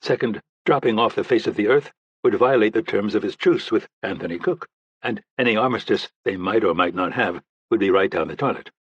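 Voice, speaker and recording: A male audiobook narrator reading a thriller in a steady, even manner. His low voice has a husky grain. The recording is close and dry, slightly dull in tone. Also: fairly quick, no echo.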